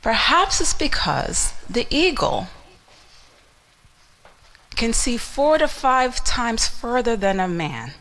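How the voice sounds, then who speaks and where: A woman's voice: fairly high pitch, very animated, slow, pauses often, a bit bright, slight background noise. A woman giving a motivational talk, telling a story dramatically and asking the listener questions. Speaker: motivational speaker.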